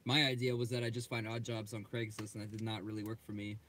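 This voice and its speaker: A man co-hosting a livestream, answering viewer questions in a relaxed, practical way. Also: lowish voice, fast, slight background noise. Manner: relaxed, practical advice-giving. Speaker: co-host. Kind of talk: casual livestream Q&A.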